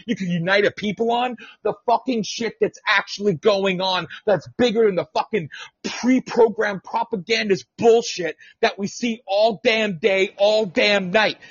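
A man's voice: sits high, husky, no echo. A man hosting a talk radio show, ranting off the cuff with profane passion. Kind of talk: unscripted talk radio rant. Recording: slightly muffled lo-fi audio.

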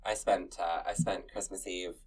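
Campy podcast guy, lowish voice, kinda far from the mic. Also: fairly even intonation, moderate pace, darkish tone, husky. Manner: chatty, dramatic, campy. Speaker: podcast co-host. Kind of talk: casual chat.

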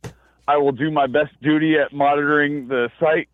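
A man's voice: a little high, steady tone, a little fast, narrow, tinny audio. A man calling in to a show, joking and boasting in casual chat. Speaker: caller.

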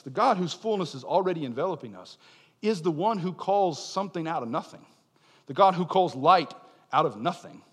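A young man preaching a sermon, swinging between loud, urgent declarations and quiet, conversational asides. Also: high voice, husky. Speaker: pastor. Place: church sanctuary. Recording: long hall reverb.

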